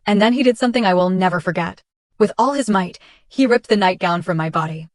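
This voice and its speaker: A woman's voice: medium pitch, fast talker, dry recording. Woman reading a dramatic story, dry. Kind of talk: scripted first-person story narration.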